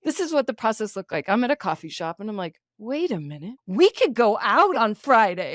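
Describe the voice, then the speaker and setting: A young woman co-hosting a podcast, telling stories excitedly in casual chat. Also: mid-range voice, fast, few pauses, no room sound, clean studio sound. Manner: excitable, lively storytelling. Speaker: podcast co-host.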